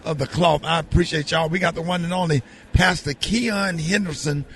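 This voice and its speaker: A man hosting a morning radio show outdoors, excited and upbeat. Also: on the high side, normal speed, slight background noise. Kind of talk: lively morning radio talk. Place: outdoors at a charity mission.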